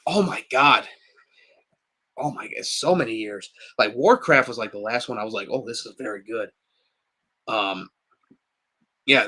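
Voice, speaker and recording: A man co-hosts a podcast in a casual, animated chat, laughing often and acting out quotes. His medium-pitched voice sounds pushed and bright.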